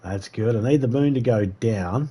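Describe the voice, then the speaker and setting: A man's voice: medium pitch, normal speed, dark tone, breathy edge. A man live-streaming a survival game, rambling and cursing casually as he talks to viewers. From United States. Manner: rambling, profane, chatty monologue.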